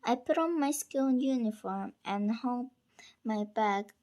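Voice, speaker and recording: Slow, soft-spoken woman reading a novel. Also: a little high. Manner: unpolished reading with small stumbles and restarts.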